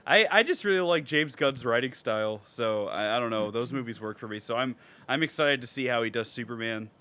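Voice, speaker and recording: A young man chatting casually on a podcast. His voice is bright and punchy. He is profane and excitable, trailing off into low mutters and then bursting out loud. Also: a little fast, clean tone. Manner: excitable, profane, swings from mumbling to loud outbursts. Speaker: podcast co-host.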